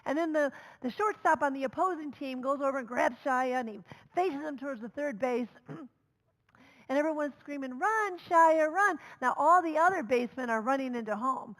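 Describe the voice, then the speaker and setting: A woman minister giving a storytelling sermon, conversational, moving between loud calls and soft near-whispers. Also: sits high, brisk, poor audio. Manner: conversational, with fillers and asides.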